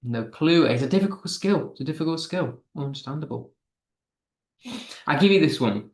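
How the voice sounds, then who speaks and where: A British man teaching an English lesson, patient and a little halting, with plenty of ums as he works through each point. His voice sits a touch high and swings lively up and down, and it rings in an echoey room. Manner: explains patiently, with many ums and restarts. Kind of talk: online lesson.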